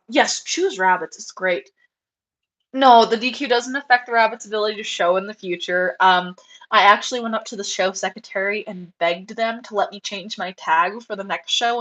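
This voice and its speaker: A young American woman who breeds rabbits chats casually on a livestream through a headset. She rambles with plenty of fillers and asides, speaking fairly quickly in a medium-pitched, slightly bright voice.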